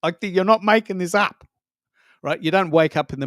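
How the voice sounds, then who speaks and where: A man co-hosting a casual podcast chat, telling stories in an animated, emphatic way. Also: high voice, brisk, no room sound, clean studio sound. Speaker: co-host.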